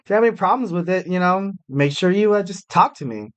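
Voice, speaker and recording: A man's voice: high-pitched, animated, fast, fairly bright tone, clear, resonant tone. A man hosting a wrestling podcast in a casual, chatty way, with lots of fillers and restarts and some jokes at his own expense. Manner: chatty, many fillers and restarts, jokey self-mockery.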